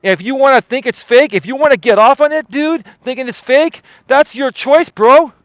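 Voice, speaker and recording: A man hosting a live stream, delivering a confrontational, profane rant with emphatic repetition and a loudly projected voice. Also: extremely high pitch, moderate pace, dry recording, rough recording.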